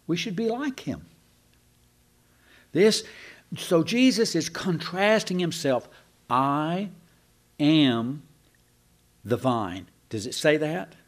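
A man preaching a sermon, slow and emphatic, asking rhetorical questions and sometimes restarting mid-phrase. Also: fairly high pitch, lively intonation.

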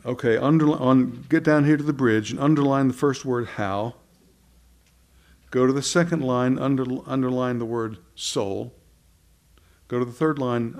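A man's voice: mid-range voice, darkish tone. A man teaching a group the words and beats of a new hymn, reading psalm verses aloud with frequent restarts. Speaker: song leader teaching a hymn.

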